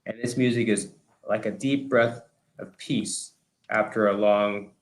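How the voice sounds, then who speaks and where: A man hosting a live stream, chatting quickly and upbeat and reading out viewer comments. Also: fairly low pitch, fairly even intonation. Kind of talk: casual chat.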